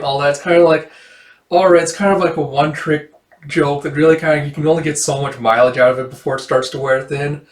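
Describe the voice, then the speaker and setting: A man casually reviewing a manga chapter, rambling with lots of fillers and quick laughs. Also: fairly high pitch, fairly even intonation, reverberant. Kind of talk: casual commentary.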